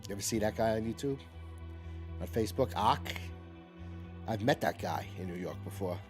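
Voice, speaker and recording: Man, low voice, casual live game streaming talk, repeats himself, faint background music. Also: lively intonation, moderate pace. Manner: chatty, repeats himself, says okay a lot. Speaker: gaming streamer and host. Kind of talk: casual live gameplay commentary.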